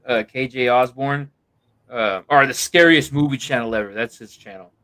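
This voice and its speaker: A man's voice: mid-range voice, moderate pace, sharp tone, dry recording. A man joining a casual livestream chat, blunt and offhand.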